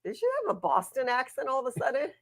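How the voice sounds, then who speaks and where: Gravelly-voiced co-host, playful. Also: high voice, expressive, fast, a bit bright. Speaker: co-host of a wrestling watch-along stream. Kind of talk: casual live-stream chat.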